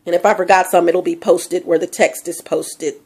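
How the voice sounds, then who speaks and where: A woman's voice: fairly low pitch, fairly even intonation, fairly quick, a little mellow, husky. A middle-aged woman rambling emotionally in a personal vlog monologue, speaking straight to her viewers. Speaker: vlogger.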